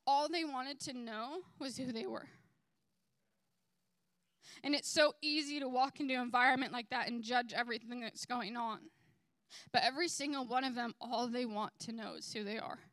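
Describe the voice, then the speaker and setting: A young woman telling a personal faith testimony, animated and acting out dialogue as she recounts conversations. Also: a little high, normal speed, no room sound. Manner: animated, quotes dialogue with "I was like". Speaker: testimony speaker.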